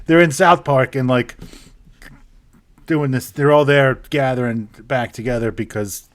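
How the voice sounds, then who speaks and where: A man's voice: medium pitch, a little slow. A young man co-hosting a casual podcast chat, laughing and swearing as he acts out quoted voices. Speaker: podcast co-host.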